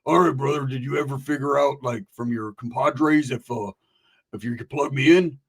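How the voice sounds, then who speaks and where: A man's voice: medium pitch, fairly even intonation, moderate pace, creaky, breathy edge. A man doing a whiny, broke buddy. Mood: pleading. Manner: whiny, keeps calling the listener brother. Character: broke, pleading grown man pal.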